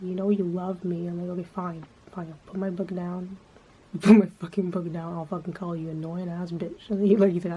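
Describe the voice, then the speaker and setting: A woman rambles casually to the camera in a lowish, flat voice, swearing often and leaning on filler words. The recording sounds dull and lo-fi, with faint noise in the background. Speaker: vlogger.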